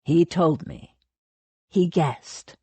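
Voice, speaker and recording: A guarded young naval officer, low and brusque, speaking in short clipped lines, as a woman narrator puts him on. The tone is dark and husky, and the sound is close and dry. It is an audiobook read slowly. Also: no echo, exaggerated voice. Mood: curt.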